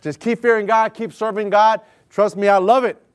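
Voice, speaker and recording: A middle-aged man preaches to his congregation in a lively, animated way. His voice sits high, and he acts out dialogue while he tells stories. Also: normal speed, smooth. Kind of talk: sermon with personal story.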